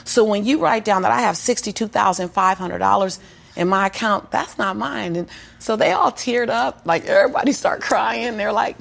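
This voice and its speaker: A woman's voice: mid-range voice, normal speed, gravelly. A woman being interviewed, telling a personal story with an emphatic, preacher-like cadence and frequent laughter. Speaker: interview guest. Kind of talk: conversational storytelling.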